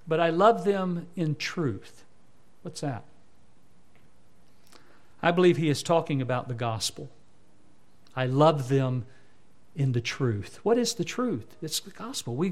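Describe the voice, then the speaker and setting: Male pastor, slightly high voice, conversational sermon that builds to fervent emphasis. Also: animated, a little slow. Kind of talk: expository sermon.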